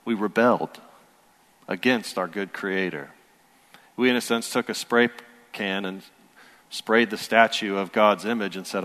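A man's voice: fairly low pitch, unhurried, long pauses, a bit bright. A man in his thirties, a pastor preaching a sermon in a conversational, storytelling way that builds to earnest emphasis. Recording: long hall reverb.

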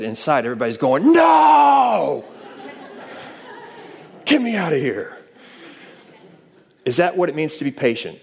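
A man's voice: mid-range voice, darkish tone. A man preaching a sermon in a conversational way, often asking the listeners rhetorical questions. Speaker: pastor.

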